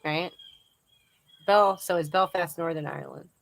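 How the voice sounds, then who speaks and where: Chatty woman host with a lowish voice. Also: a little slow, vocal fry, rough recording. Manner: chatty, reads comments aloud, laughs often. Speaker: livestream host reading viewer comments. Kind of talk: casual chat. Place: outdoors.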